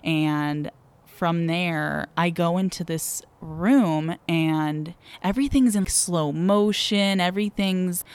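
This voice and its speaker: A woman's voice: lowish voice, takes it slowly, darkish tone, smooth. A woman guest on a podcast, telling a personal story frankly and vividly, holding nothing back.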